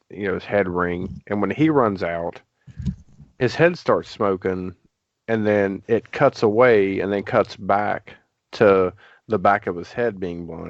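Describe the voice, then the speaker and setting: Male podcast host, very low pitch, dry dull sound, rambling recap delivery. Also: no echo. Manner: rambling recap with frequent fillers and hedges. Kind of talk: casual movie discussion.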